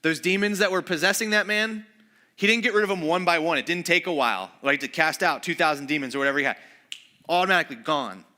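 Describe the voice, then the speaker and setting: A male pastor delivering a conversational sermon, animated and acting out quoted voices, dropping to a soft low voice for emphasis. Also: quick pace.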